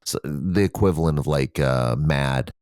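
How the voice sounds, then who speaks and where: A man's voice: extremely low pitch, normal speed, darkish tone, dry recording, studio quality. A man co-hosting a podcast, talking casually in a rambling way with frequent swearing and fillers. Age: adult with children. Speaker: podcast co-host. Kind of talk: casual conversation.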